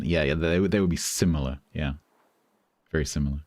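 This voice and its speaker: Middle-aged British streamer, low deep voice, dry close mic, chatty and amused. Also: male voice, brisk, darkish tone, no echo. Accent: British English. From Britain. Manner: chatty, amused, reads out chat thanks. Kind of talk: casual live-stream chat.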